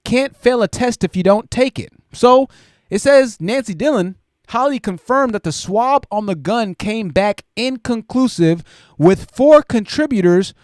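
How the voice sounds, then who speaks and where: A man hosting a live stream, reading viewer super chats aloud and commenting in an animated, exclaiming way while he thinks aloud. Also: extremely high pitch, measured pace, dry recording, studio quality.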